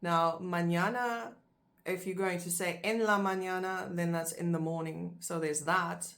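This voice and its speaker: A woman with a South African accent, a native Afrikaans speaker, giving a casual language lesson and repeating each word slowly so it can be pronounced. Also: fairly low pitch, steady tone, fairly bright tone. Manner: slow and careful, repeats words to pronounce them. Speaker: language teacher.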